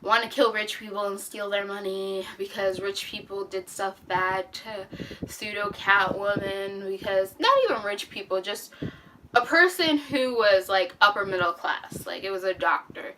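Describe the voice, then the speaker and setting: Brief: young woman book reviewer, exasperated rambling rant, bright tone, slightly distant, faint hiss. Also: mid-range voice, moderate pace. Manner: exasperated, rambling, heavy use of "like". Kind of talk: casual chat.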